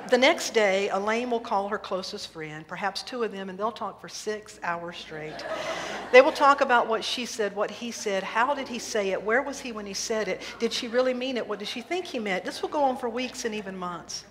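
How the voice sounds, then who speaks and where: A woman minister preaching a sermon, telling a humorous story in lively fashion in a church sanctuary. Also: mid-range voice, normal speed. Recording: reverberant hall, faint noise.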